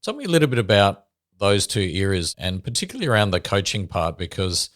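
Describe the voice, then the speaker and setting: Male podcast host, very low voice, dry close mic, loose rambling questions. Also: sing-song, quick pace, fairly bright tone, no room sound. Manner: long, rambling questions with restarts.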